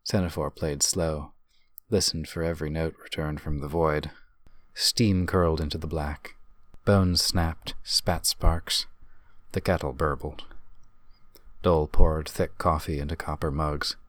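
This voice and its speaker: Very deep male narrator for a fantasy audiobook: measured and descriptive, dry close mic. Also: steady tone, no room sound.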